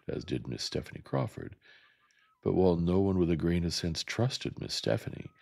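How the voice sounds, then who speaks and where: A man narrating a novel in a gentle audiobook reading, with a soft, unhurried, calm delivery. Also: low voice, gravelly, slightly rough.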